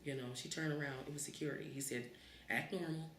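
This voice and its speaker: Brief: woman in her fifties telling stories, lively, heard in a roomy space on a distant mic. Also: a bass voice, very fast, a little hiss or hum. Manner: animated, acts out the voices in her story. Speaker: interviewee. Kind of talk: oral history storytelling.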